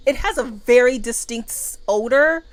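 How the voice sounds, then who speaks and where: A woman co-hosting a book podcast, talking in a relaxed, plain-spoken way. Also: on the high side, moderate pace. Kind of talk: casual book review chat.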